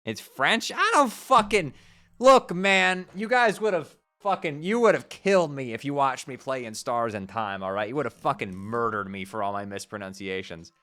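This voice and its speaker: A man streaming, reading a webcomic aloud to his chat, animated and quick to swear and rant. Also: mid-range voice. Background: faint background music.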